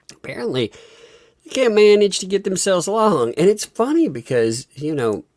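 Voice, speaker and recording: A woman's voice: mid-range voice, very animated, moderate pace, a little mellow. A woman hosting a live stream, giving casual, amused and mocking gossip commentary. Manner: amused, mocking, laughing often. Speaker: livestream host.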